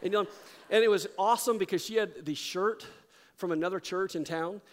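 Telling a story during his sermon, this middle-aged pastor moves from animated delivery down to a hushed, intense tone. He has a high voice and speaks fairly quickly.

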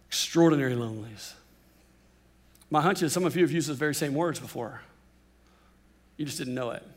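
A man with a notably high voice preaches a sermon. He swings between emphatic declarations and hushed, drawn-out words, stretching key phrases for dramatic weight. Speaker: pastor.

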